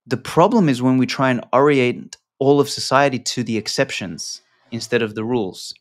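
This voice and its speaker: A man's voice: mid-range voice, normal speed. A man talking as an interview guest, loose and rambling, with lots of fillers and casual swearing. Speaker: podcast guest.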